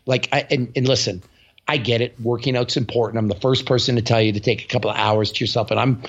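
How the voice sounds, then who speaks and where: A man co-hosts a podcast in casual chat. His voice is gravelly and a bit husky, and the recording is dull and lo-fi. He talks bluntly and tells animated stories, with some swearing. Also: medium pitch, quick pace. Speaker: podcast co-host.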